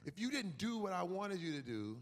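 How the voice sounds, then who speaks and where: A man in his forties speaking as a guest in an on-stage conference conversation, emphatic and animated. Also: high-pitched, a little fast. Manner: animated, acts out quoted voices, emphatic. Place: conference hall. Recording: reverberant hall.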